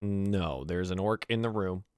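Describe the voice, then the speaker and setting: A man's voice: deep voice, unhurried, a little mellow, clear, resonant tone, no room sound, clean studio sound. A man narrating a tabletop game as game master, in loose, descriptive speech with frequent "uh"s.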